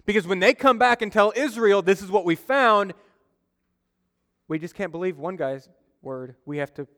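Young adult male pastor, conversational sermon, smooth voice, long church-hall reverb. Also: high-pitched, moderate pace, a bit bright. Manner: conversational, storytelling with acted-out quotes. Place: church sanctuary.

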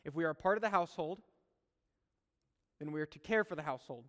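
A man's voice: fairly high pitch, quick pace, a bit bright. A male pastor preaching a sermon, earnest and conversational, with humorous personal asides. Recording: long hall reverb.

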